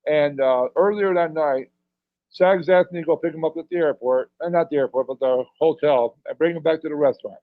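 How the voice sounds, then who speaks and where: A man's voice: a little high, fairly quick, no room sound. A middle-aged man, a pro wrestler as podcast guest, telling rambling anecdotes and chuckling between lines. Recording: dull, dry lo-fi audio.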